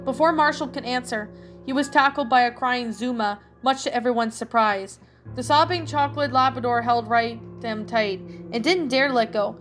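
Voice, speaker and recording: Woman reading fanfic out loud, expressive, high voice. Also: moderate pace, soft background music. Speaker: fan fiction reader. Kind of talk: storybook narration.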